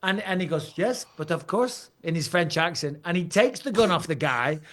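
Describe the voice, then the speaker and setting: A man, a guest on an interview show, telling stories in a lively way and laughing often. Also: on the high side, a little fast. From Britain. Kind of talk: casual interview chat.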